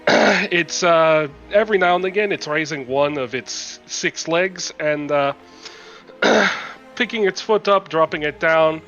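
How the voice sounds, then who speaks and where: A man narrating as game master, describing the scene with frequent ums and throat clears. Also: a little high, a bit bright, highs cut off.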